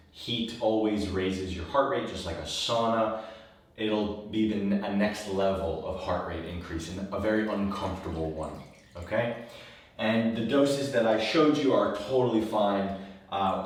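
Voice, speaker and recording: Low-voiced man coaching from an echoey bathroom. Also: distant mic. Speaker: wellness coach. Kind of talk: casual instructional talk. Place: bathroom, in a bathtub. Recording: very echoey room, voice from off the mic.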